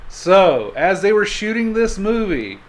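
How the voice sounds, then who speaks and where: A man's voice: high-pitched, big pitch swings, measured pace. A man hosting a podcast, telling stories in casual chat, joking and laughing often. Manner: storytelling, jokey, laughs often. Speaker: podcast host.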